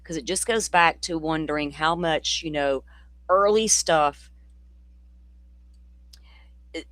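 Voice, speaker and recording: A true crime host from the Deep South, talking in a loose, rambling livestream chat that is blunt, profane and sardonic. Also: slow pace, fairly bright tone, no echo. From Florida, near the Alabama state line. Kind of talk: casual livestream commentary.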